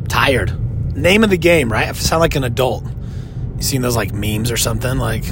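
A man in his thirties, working as a life coach, hosts a solo podcast and speaks casually, earnestly, and reflectively, pausing and restarting. His voice is a little high and sing-song, with a noisy background.

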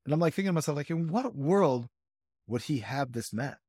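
Fast-talking animated man, dry sound. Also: slightly rough, no room sound. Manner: animated, acts out quotes in higher voices. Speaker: podcast co-host, judo coach. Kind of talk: casual storytelling chat.

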